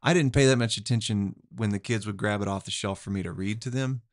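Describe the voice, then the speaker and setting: A middle-aged man from Oklahoma with an Oklahoma accent, hosting a podcast in a relaxed, meandering chat with easy chuckles. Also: fairly low pitch, fast, no room sound, clean studio sound. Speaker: podcast host. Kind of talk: casual chat.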